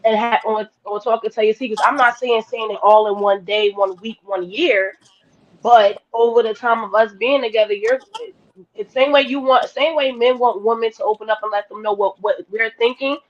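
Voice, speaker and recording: A woman on a podcast panel, talking bluntly and emphatically in casual discussion. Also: on the high side. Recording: dull lo-fi podcast audio.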